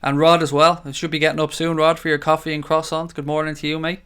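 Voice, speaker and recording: A fast-talking man from Ireland, an adult father of young children, reads out viewer comments on his casual live stream, greeting folks as mate and buddy. His voice is a little high, a bit bright, clear and resonant, with flat delivery.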